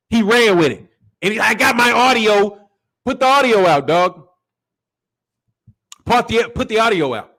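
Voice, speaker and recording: A man hosting a boxing channel, giving animated, profane opinion commentary and acting out quoted voices. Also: high voice, poor audio. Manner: animated, acts out quoted voices, curses freely.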